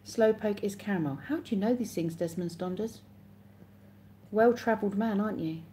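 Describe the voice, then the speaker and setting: A woman's voice: medium pitch, normal speed, warm tone, a little hiss or hum. An English woman hosting a casual live stream, chatting and reading viewer comments aloud with frequent laughs. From England.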